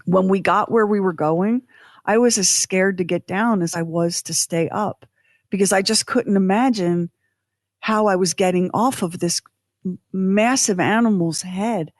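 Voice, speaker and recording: Animated woman telling a story. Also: mid-range voice, unhurried, dry recording, studio quality. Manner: animated, self-deprecating storytelling with acted quotes. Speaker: podcast co-host. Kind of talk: storytelling podcast chat.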